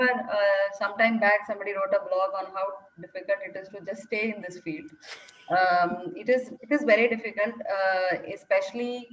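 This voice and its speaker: A woman's voice: medium pitch, a bit bright, slight background noise. A woman speaking in an online Q&A session, answering thoughtfully with many fillers and restarts. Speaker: data science speaker answering questions. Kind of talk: online Q&A talk. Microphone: video call. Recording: distant, dull lo-fi call audio.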